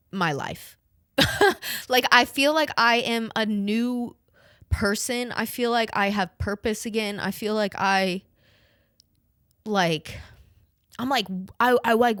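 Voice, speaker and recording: Chatty, emotional young woman, smooth voice. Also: mid-range voice, a bit bright, no echo, clean studio sound. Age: late 20s. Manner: rambling, heavy use of "like", swears casually. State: emotional, near tears. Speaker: podcast host. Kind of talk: casual personal chat.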